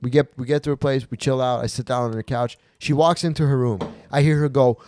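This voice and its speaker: Young male podcast host, crude animated storyteller, dry close sound. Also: medium pitch, brisk, no room sound. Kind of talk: casual podcast chat.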